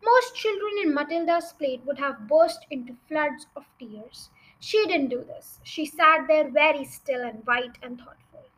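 A woman's voice: sits high, expressive, a little slow, hardly any pauses, a bit bright, poor audio. A young woman reading a children's novel aloud as a storyteller, with chatty asides to her listeners.

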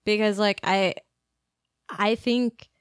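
A woman's voice: mid-range voice, steady tone, slow, clean tone, no echo. A young woman with a mid-range voice hosts a casual podcast chat. She is friendly and hesitant and fills her sentences with "um" and "like". Her voice is close and dry on the mic. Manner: hesitant, filler-heavy, friendly. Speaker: podcast host. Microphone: studio microphone.

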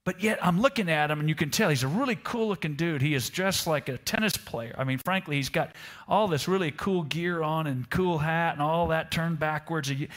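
A man's voice: on the high side, normal speed, a bit bright. A male pastor preaching a sermon to a congregation in Italy. He tells a personal story and keeps asking the room rhetorical questions. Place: church service in Italy.

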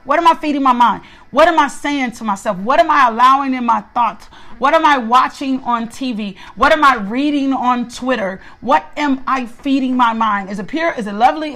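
High-voiced woman teaching a Bible study. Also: a bit bright. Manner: emphatic and repetitive, asking listeners to respond. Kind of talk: conversational sermon.

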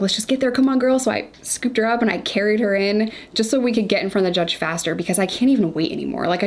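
A woman in her thirties, a guest telling her own story candidly and vividly in an interview. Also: mid-range voice. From Chicago suburbs. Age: 30s. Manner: candid, vivid retelling with quoted thoughts.

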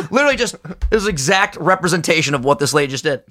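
Young guy podcast host, bright edgy voice, pitched a bit high, loud and hyped, swears a ton. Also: animated, racing. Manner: hyped, swears a lot, sings and shouts bits. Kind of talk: casual podcast chat.

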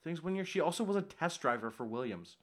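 A man co-hosting a podcast in casual chat, easygoing and quick to laugh. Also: on the high side, animated, a bit bright. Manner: easygoing, laughs often while talking. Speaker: podcast co-host.

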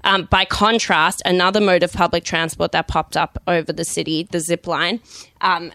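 Brief: female co-host, lowish voice, wry and explanatory, dry close mic. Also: fairly even intonation, moderate pace, pushed and bright, no room sound. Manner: wry, explanatory, swears casually. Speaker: radio co-host. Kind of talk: casual radio chat.

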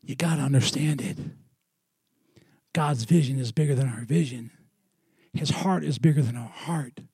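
A middle-aged man preaching a sermon in a church, moving from loud, lively storytelling to quiet, earnest lows. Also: normal speed, breathy edge, dry recording, clean studio sound. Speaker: pastor.

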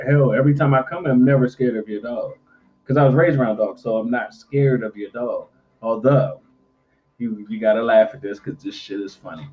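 Profane middle-aged man telling animated stories. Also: medium pitch. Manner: profane, animated storytelling with acted-out quotes. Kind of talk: casual chat. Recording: dull lo-fi recording.

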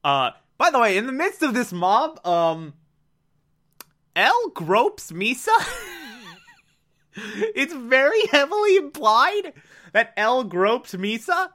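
A man's voice: very high-pitched, big pitch swings, slow, pauses often, pushed and bright. A man casually recapping an anime, rambling with laughs and acting out the characters' lines.

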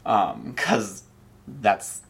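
Deep-voiced young man telling stories. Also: very slow, gravelly, husky. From Nigeria and Ohio. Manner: animated storyteller, acts out quoted lines. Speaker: guest. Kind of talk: casual interview.

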